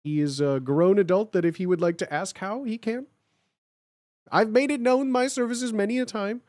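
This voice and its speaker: A livestreamer in casual chat, reassuring and blunt, who keeps repeating a point to settle viewers. The voice sits at a middling pitch. It sounds dry and close to the mic. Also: normal speed, darkish tone, dry recording.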